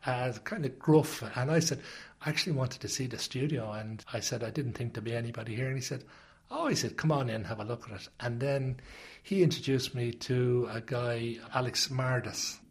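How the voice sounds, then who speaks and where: A man's voice: medium pitch, moderate pace. Dublin man telling a rambling story. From Ireland. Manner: rambling, anecdotal. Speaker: interviewee. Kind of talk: casual storytelling.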